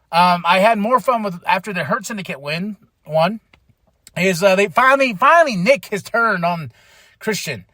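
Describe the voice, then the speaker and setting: A young man from Texas hosting a podcast, excitedly recapping wrestling matches in a loose, swearing, animated way. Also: sits high, no room sound, studio quality. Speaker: podcast host.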